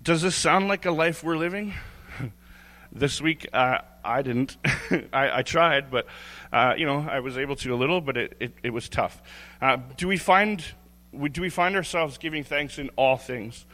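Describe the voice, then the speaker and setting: This informal, candid sermon comes from a lay preacher whose fairly high, sharp voice runs at normal speed. He chuckles and keeps restarting his phrases, and the church sanctuary gives everything a long hall reverb.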